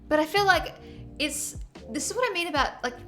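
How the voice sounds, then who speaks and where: A woman's voice: high-pitched, expressive, fairly quick, a bit bright, soft background music. An Australian woman streamer chatting casually and laughing as she reads her chat aloud.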